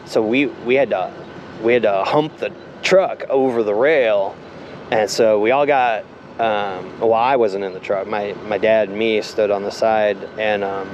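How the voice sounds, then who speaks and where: A man casually telling a story from his own life, halting and rambling, with many fillers. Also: on the low side, steady tone, highs cut off, a little hiss or hum. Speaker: vlogger telling a personal story.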